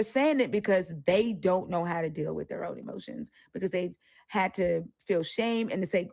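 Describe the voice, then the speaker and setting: Woman co-host, lowish voice, dry sound; candid, profane, mimics others mid-story. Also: moderate pace, gravelly, a little mellow, no echo. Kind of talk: casual discussion.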